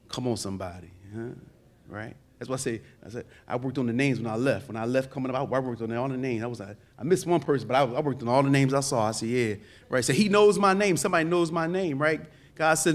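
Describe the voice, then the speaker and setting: Pastor guy preaching, voice jumps all over, goes quiet then yells, call and response with the crowd. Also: lively intonation, fairly quick. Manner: preaching with call-and-response, swinging from low murmurs to shouts. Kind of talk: sermon.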